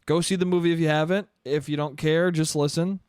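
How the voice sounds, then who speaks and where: A man riffs alone on his own comedy podcast. He has a smooth, clear voice that sits a little high, and the sound is dry and close. He rambles, swears freely and laughs at his own jokes. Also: fairly even intonation, brisk, a little mellow, dry recording. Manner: rambling, profane, laughs often. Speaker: podcast host. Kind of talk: solo comedic monologue.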